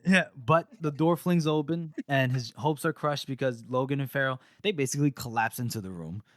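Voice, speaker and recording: A young man co-hosting a podcast, retelling a book chapter in casual chat, animated and laughing as he acts out lines. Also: mid-range voice, a little fast, no room sound, clean studio sound.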